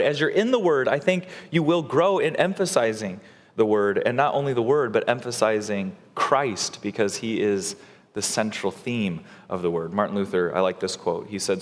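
A man's voice: fairly low pitch, moderate pace, long reverb tail. A male pastor preaching a sermon in a conversational way, acting out quotes and building to emphatic points.

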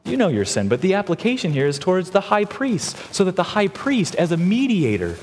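Animated preacher in a reverberant hall. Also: male voice, sits high, fairly quick, a little hiss or hum. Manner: animated, acts out voices of others. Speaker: pastor. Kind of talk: sermon.

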